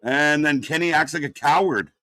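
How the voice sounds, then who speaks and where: A man's voice: fairly high pitch, moderate pace, sharp tone, dry recording. A man doing unscripted live watch-party commentary, ranting and swearing in exasperation.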